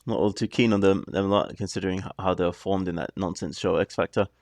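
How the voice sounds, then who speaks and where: Man, lowish and gravelly with a lively, bouncing delivery; casual reaction host trading jokey asides over a song playing underneath. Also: fast, slight background noise. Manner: chatty, joking asides, rambling.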